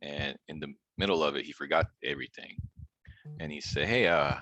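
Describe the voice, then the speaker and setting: Deep-voiced man chatting on a video call. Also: brisk, muffled recording. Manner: relaxed, chatty, laughs while retelling. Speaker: host of an online practice group. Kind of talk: casual video-call chat.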